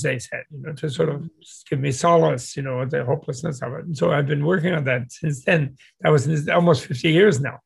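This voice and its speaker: Older man with a gravelly, husky voice. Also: a little high, brisk. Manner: digressive, with many restarts and chuckles. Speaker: guest speaker. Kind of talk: casual anecdotal storytelling.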